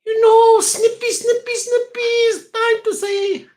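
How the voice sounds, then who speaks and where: Comic bit, a man doing a squeaky, insistent pest, sing-song repeats. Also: flat delivery, unhurried, a little mellow. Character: pushy man demanding a circumcision, insistent.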